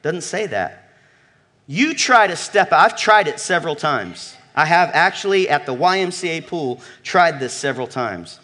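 A man preaching a sermon with emphatic delivery, shifting from loud calls to low murmurs and asking the congregation questions. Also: very animated, normal speed. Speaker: pastor.

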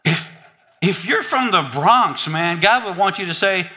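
A man preaching a sermon in an animated, humorous, conversational way. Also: sits high, unhurried.

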